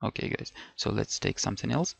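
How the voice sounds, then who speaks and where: His voice is lowish, gravelly, and slightly rough, animated and a little fast: a middle-aged man from Ukraine guiding a student toward a language test over a screen. He thinks out loud with many fillers, repeated words, and self-corrections, and there's no room sound.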